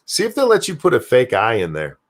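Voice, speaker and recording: An older American grandfather hosts a live stream alone, chatting casually, reading viewer messages aloud, and swearing freely as he rambles. His mid-range voice swoops wildly in pitch, and he talks fairly quickly.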